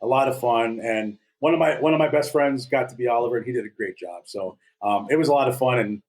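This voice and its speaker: A man's voice: mid-range voice, quick pace, low-quality recording. A man around fifty from North Dakota, co-hosting a podcast in casual chat, telling stories in a jokey, self-deprecating way. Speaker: podcast co-host.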